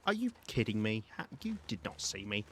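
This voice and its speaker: A British man live-streaming a survival game, talking calmly and softly to his chat while he plays. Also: on the low side, a little fast, a little hiss or hum. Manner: calm, soft-spoken, chatty with viewers.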